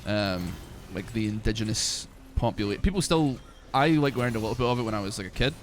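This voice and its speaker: A man's voice: lowish voice, animated, fairly quick, slight background noise. Young Glasgow-accented man rambling on stream. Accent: Glasgow Scottish, softened. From Glasgow, Scotland. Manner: rambling, profane, full of "like" and "man". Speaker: game streamer. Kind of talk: casual live-stream chat while gaming.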